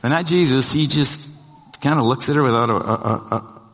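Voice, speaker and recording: In a hall with long reverb, a male pastor tells his sermon like a story, restarting at times and speaking the disciples' parts before climbing in pitch and volume to emphatic high points. He keeps a moderate pace in a slightly bright voice.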